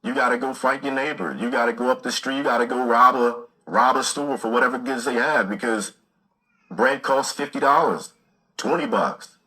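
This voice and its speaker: A man's voice: medium pitch, normal speed, pushed and bright, husky, rough recording. A man in an aggressive, profane rant.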